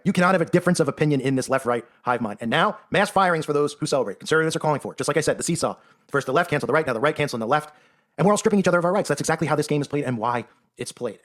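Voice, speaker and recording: A man's voice: a little high, a bit bright. A man giving a sarcastic, emphatic monologue, often tagging his points with "right?". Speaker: online commentator. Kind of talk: rapid-fire monologue commentary.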